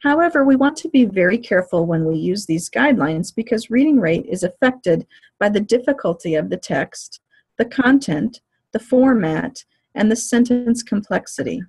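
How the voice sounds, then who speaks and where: Husky woman giving a measured lecture. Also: medium pitch, expressive, a little mellow. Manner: clear, measured explanatory delivery. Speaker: teacher educator. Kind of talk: lecture on reading fluency.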